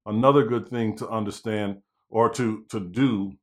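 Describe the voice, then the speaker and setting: Male coach, slightly low voice, relaxed teaching talk with frequent "right?" check-ins. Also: moderate pace. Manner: conversational, many "you know" and "right?" fillers. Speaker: real estate negotiation coach. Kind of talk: casual instructional talk.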